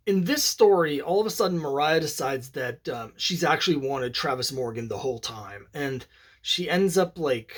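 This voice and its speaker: A man casually talking through his comic collection, rambling and opinionated, with many fillers and restarts. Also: fairly high pitch. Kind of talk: casual solo commentary.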